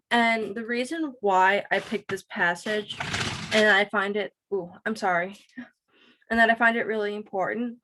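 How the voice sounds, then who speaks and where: A woman's voice: medium pitch, fairly bright tone, a little hiss or hum. A woman reading a graphic novel passage aloud and explaining it. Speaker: reader presenting a book.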